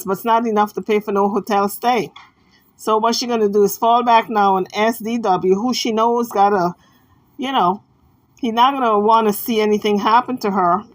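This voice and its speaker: A woman's voice: a little high, a bit bright, no room sound, poor audio. A woman giving a casual commentary monologue, chatty and emphatic, talking straight to her viewers with playful mocking asides. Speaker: online gossip commentator.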